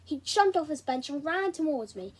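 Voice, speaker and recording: A woman reading a children's novel aloud in an expressive, animated way. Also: high voice, moderate pace. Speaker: reader.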